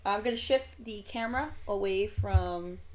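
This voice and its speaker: A woman's voice: mid-range voice, normal speed. A woman narrating as game master over a voice call, chatty and laughing often.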